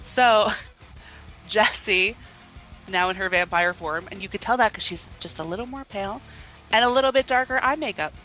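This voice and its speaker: A woman's voice: medium pitch, normal speed, faint music behind, low-quality recording. A woman co-hosting a horror movie podcast, chatting casually and laughing often as she retells scenes. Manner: giggly, animated storytelling with acted quotes. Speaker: podcast co-host. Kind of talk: casual chat.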